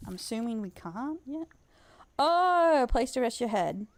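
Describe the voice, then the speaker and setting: A woman's voice: on the high side, expressive, a little fast, mellow. An Australian woman giving casual, joking live-stream commentary while she plays a game, laughing often.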